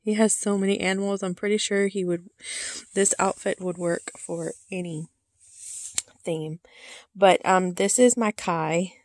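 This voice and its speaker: A woman showing her doll collection in a casual vlog, soft-spoken and halting, often dropping to a whisper and holding back tears. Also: medium pitch, steady tone, dry recording, studio quality. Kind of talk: casual show-and-tell vlog.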